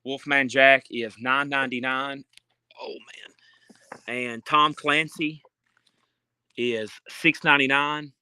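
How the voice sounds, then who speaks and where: A man's voice: mid-range voice, fairly even intonation, slow pace, pushed and bright, clean tone. A man selling books on a live stream from a store, reading out titles and prices with chatty asides, filming on a handheld phone. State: out of breath. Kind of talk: casual live sales patter. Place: indoor store.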